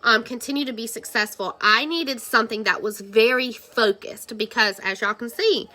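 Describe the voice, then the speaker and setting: A woman's voice: on the high side, moderate pace, bright, forceful tone. A woman, talking casually to her sales team in a livestream from home, rambling around before reaching her point. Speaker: direct sales team leader. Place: at home, cartoons playing nearby.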